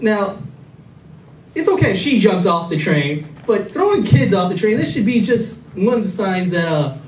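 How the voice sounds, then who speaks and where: A man's voice: sits high, big pitch swings, moderate pace, slight background noise. A man doing a stand-up comedy set on a club stage, rambling and self-mocking, with lots of restarts and fillers. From Illinois. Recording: echoey club audio from a distant camera.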